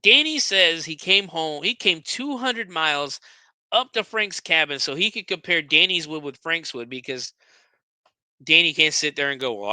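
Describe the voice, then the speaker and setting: Bright-voiced man recapping a movie. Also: fairly high pitch, no echo. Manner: profane, sarcastic, stumbling over words. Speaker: podcast host recapping a movie.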